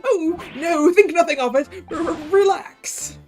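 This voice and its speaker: A woman's voice: very high voice, slow pace, a little mellow, faint music behind, pitched above the performer's own voice. Woman playing a gushing, tearful young man. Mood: overjoyed, gushing. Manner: gushing, emotional. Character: overexcitable tearful young male writer.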